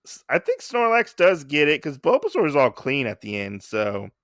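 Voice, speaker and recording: A man's voice: a little high, moderate pace, dry recording, clean studio sound. A man co-hosting a casual podcast, retelling a comic chapter and acting out the characters' lines. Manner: animated, acts out characters' lines while recapping. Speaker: podcast co-host.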